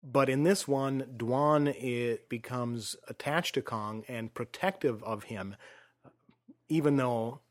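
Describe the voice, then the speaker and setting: Man calmly dissecting an old film. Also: mid-range voice, slow pace. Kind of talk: casual film discussion.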